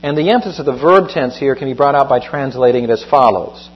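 A man preaching a sermon, teaching through a Bible passage in a measured way and stressing key phrases. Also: medium pitch, breathy edge. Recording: dull lo-fi with mains hum.

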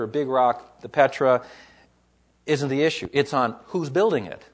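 A man, a pastor preaching a sermon, explaining scripture in an emphatic, teaching way. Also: fairly high pitch.

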